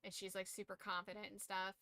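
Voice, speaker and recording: A woman's voice: medium pitch, level tone, fast, sharp tone, dry recording. A tired woman streamer chatting casually late at night, rambling loosely and swearing now and then.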